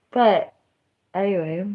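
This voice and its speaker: A woman live streamer chatting casually to her viewers. She rambles loosely, mocks herself and breaks into squeals and yells. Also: medium pitch, highs cut off. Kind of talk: casual livestream chat.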